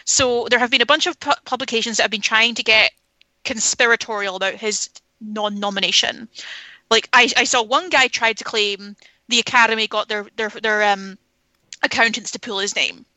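A woman's voice: fairly high pitch, brisk, pushed and bright, no room sound, poor audio. A woman talking candidly about films in a casual podcast chat, opinionated and swearing freely. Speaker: film podcast panelist.

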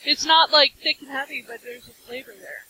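A woman with a Minnesota Midwest accent, teasing loudly and laughing on a podcast. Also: high-pitched, fairly even intonation, brisk, a little hiss or hum, poor audio. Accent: American Midwest, Minnesota. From Minnesota, USA. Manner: loud, teasing, laughing outbursts. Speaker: podcast co-host. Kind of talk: casual podcast chat.

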